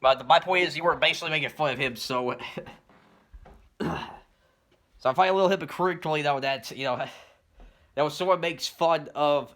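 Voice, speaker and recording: A commentary YouTuber with a bright, slightly high voice rants in a rambling response video at normal speed with long pauses. He leans heavily on "you know" and "stuff like that," clearing his throat and laughing between points.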